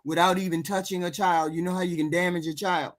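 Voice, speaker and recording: A woman hosting a call-in show who argues her point forcefully and keeps pressing the caller. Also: fairly low pitch, fairly even intonation, fast. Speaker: host. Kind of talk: heated call-in debate.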